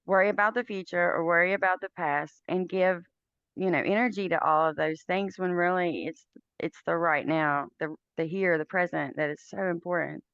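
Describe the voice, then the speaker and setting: A woman hosting a podcast, chatting in a relaxed, easygoing way. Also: on the low side, moderate pace, smooth, no echo, lo-fi sound. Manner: relaxed, chatty, uses fillers. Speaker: podcast host. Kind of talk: casual podcast conversation.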